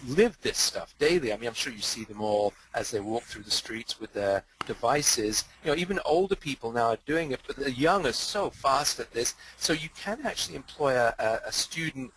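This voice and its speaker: Older man, mid-Atlantic accent, guest speaker in a webinar, mid-pitched, rambling with lots of ums and restarts. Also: lively intonation, normal speed, hardly any pauses, fairly bright tone, a little hiss or hum, rough recording. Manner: rambling, hesitant, many fillers and restarts. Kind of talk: webinar talk and Q&A.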